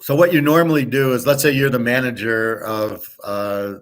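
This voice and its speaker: Man, middle-aged, from the US, casual rambling talk, blunt, swears a lot, indignant, medium pitch. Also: steady tone, normal speed, fairly bright tone. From United States. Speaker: sports betting show host.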